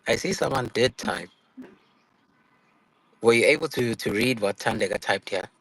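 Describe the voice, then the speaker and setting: A man tutoring isiZulu on a casual live stream, patiently repeating words slowly and laughing easily. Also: mid-range voice, a bit bright, rough recording. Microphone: phone.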